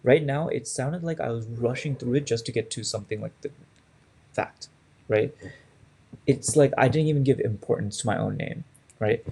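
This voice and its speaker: A man's voice: mid-range voice, moderate pace, creaky, mellow, slightly rough. A young man in his twenties teaching a public speaking class in a conversational way, often checking in with "right?". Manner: conversational, frequent "right?" tags.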